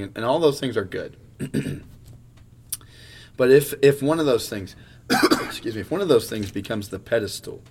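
A man's voice: fairly low pitch, a little mellow. A male pastor in a casual conversation, speaking earnestly and often repeating words as he works through a thought. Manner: earnest, stumbles and repeats words while thinking aloud.

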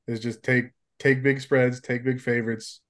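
A man's voice: mid-range voice, flat delivery, normal speed. Co-host, man with a mid-range voice, calling in from his phone, easygoing. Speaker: podcast co-host. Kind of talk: casual chat. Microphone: phone front camera on a video call.

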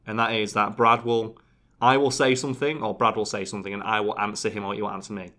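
A young man who co-hosts a YouTube channel, talking fast and jokily in a casual chat. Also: lowish voice. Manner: fast, animated, jokey storyteller.

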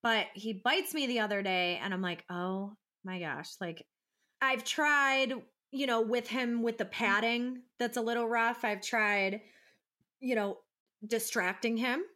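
A young woman co-hosting a podcast in casual chat, telling animated stories and acting out her toddler's voice. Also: a little high, unhurried. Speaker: podcast co-host.

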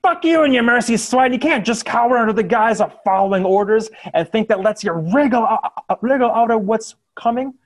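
A man voicing angry townsfolk who shout insults at prisoners. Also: extremely high pitch, expressive, a little fast, few pauses, voice pushed up. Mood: furious. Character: angry shouting civilian crowd voices.

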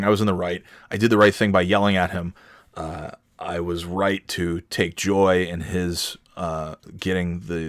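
A man's voice: low-pitched, dry recording, studio quality. A middle-aged man with a cough, telling a profane, self-mocking story in a casual comedic rant. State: has a cough.

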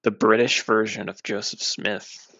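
Male co-host, low gravelly voice, sarcastic banter, dull lo-fi mic. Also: flat delivery, unhurried, pushed and bright, dry recording. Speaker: podcast co-host. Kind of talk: comedic chat.

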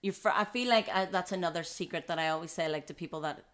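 A woman's voice: fairly low pitch, fast, crowd noise. A woman guest on a podcast, telling her personal story in casual conversation. She is earnest and acts out the voices of other people as she quotes them. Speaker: podcast guest, mother of triplets.

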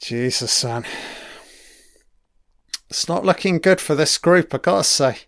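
A man's voice: fairly high pitch, lively intonation, measured pace, vocal fry, a bit bright, no room sound, studio quality. A man giving a casual audio commentary on a film, swearing freely and rambling with trailing-off asides. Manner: profane, enthusiastic, frequent swearing.

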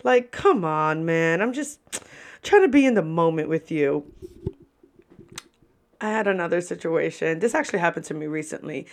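A young woman, a podcast host who works as a server, telling stories in a casual, animated way and swearing freely. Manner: animated, profane, lively pitch swings. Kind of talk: casual storytelling.

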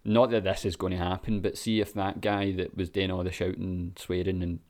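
Deep-voiced laid-back Scottish man. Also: little pitch movement, normal speed, darkish tone. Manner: laid-back, sweary, lots of ums and chuckles. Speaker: vlogger. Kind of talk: casual reaction commentary.

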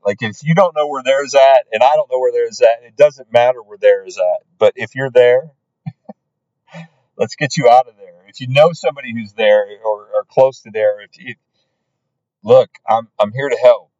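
A man's voice: medium pitch, a little mellow, no room sound, lo-fi sound. A man hosting a podcast, telling his own story in an earnest way, often stumbling and restarting his sentences. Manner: earnest, halting with many restarts. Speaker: podcast host.

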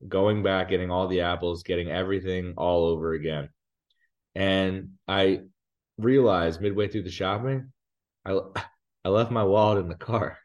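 Sitting low in pitch and captured with lo-fi sound, a man co-hosts a podcast in relaxed conversation. He spins a rambling, self-mocking tale, chuckling at his own expense.

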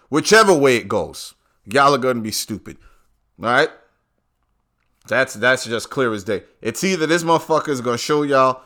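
A man's voice: mid-range voice, pushed and bright. A man delivering a casual, profane rant to his viewers in street slang.

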